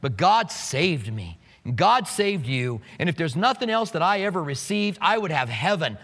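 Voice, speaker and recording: A man preaching a sermon in an animated way, acting out the scenes he describes. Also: on the high side, normal speed, long reverb tail. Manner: animated, acts out scenes with quoted voices. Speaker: pastor.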